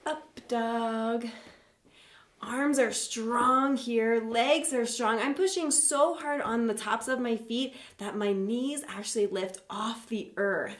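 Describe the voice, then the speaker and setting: A woman leading a live online yoga class for kids, gentle, encouraging and playful as she talks through each pose. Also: a little high, slow, reverberant. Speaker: yoga teacher for children.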